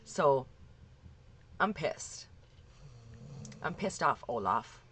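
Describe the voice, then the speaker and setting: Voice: medium pitch, sing-song, very slow, fairly bright tone, a little hiss or hum. A vlogger ranting angrily to camera at a scammer, cursing, repeating and restarting sentences. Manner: profane, heated, repeats and restarts. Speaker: scam victim vlogger. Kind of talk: angry rant to camera.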